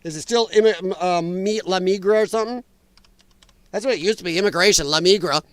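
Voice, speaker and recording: A man hosting a live talk stream, chatting casually and bluntly as he reads and answers viewer comments, animated and quick to laugh. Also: high voice, clean tone, no echo. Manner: animated, blunt and opinionated, laughs and talks back to chat. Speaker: livestream talk show host.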